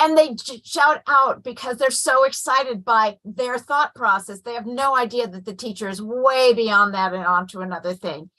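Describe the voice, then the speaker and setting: A woman speaking as a parent on a webcast panel, telling an animated story and acting out quotes. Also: a little high, rough recording. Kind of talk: casual panel talk.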